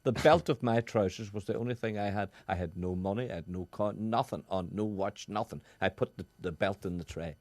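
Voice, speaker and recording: A man telling animated anecdotes in casual radio chat, with halting restarts. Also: on the low side, no room sound.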